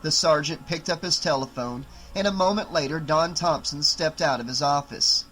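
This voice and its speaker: A male audiobook narrator reads in a steady, dramatic way. His voice sits a bit high and sounds bright and forceful, with faint music playing underneath. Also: normal speed, few pauses, rough recording. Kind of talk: scripted narration.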